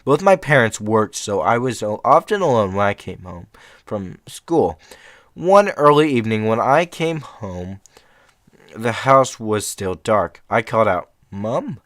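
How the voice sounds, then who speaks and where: A man's voice: on the low side, expressive, measured pace, fairly bright tone, no echo, studio quality. Rambling young man reading horror stories. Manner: rambling, self-interrupting, chatty asides. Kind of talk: casual reading aloud with asides.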